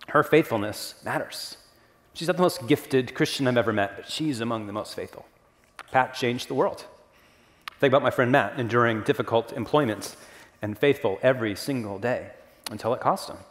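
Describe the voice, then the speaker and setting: A male pastor delivers a sermon in an earnest, conversational way, with casual asides to the congregation. His voice sits at a mid pitch. A long reverb from the church hall trails behind each phrase. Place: church sanctuary.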